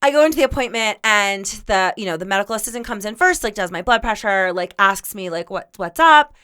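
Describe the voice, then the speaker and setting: A woman's voice: medium pitch, expressive, brisk, sharp tone, clear, resonant tone. A young woman co-hosting a podcast, telling a long comedic story in a rambling way full of fillers and laughter. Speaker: podcast co-host.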